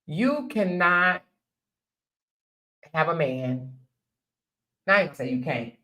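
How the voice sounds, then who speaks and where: Slow and expressive, her low, bright voice takes on a forceful tone as this older woman hosts a relaxed live-stream talk. With a Southern style, she's blunt and preachy, often laughing while she says what she thinks.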